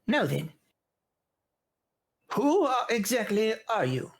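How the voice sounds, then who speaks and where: A man voicing a tiny, very old male gnome leader who is gruff, commanding and a little out of breath. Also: very animated, slow pace, heavily acted. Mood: stern. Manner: high, huffing, commanding and brusque.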